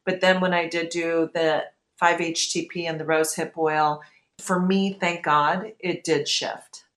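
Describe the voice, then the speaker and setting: A woman's voice: fairly low pitch, level tone, a little slow, a bit bright, roomy sound. Candid woman telling a personal story. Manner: candid, emotional, quotes her own past thoughts. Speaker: guest.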